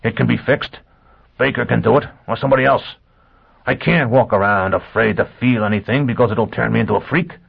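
A man's voice: sits low, normal speed, creaky. Male lead, young, volatile and blunt, urgent delivery, male reader's take, phone-line tone. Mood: desperate. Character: volatile, hot-tempered young spacefaring man. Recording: tinny phone-like sound.

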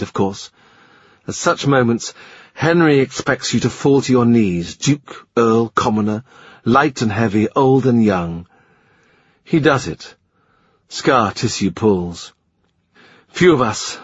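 A male narrator reads a historical novel in a measured, literary way. His voice is fairly low with a husky grain, and the recording is dry and slightly muffled. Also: no room sound. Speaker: audiobook narrator. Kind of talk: scripted narration.

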